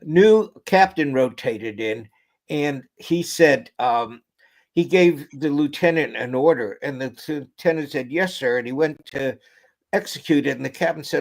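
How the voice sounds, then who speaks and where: A man, a guest author and lecturer, telling an anecdote in an interview with lively delivery, sometimes dropping almost to a whisper. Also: a little high, normal speed, gravelly. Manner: animated storyteller, drops to near-whisper for quotes.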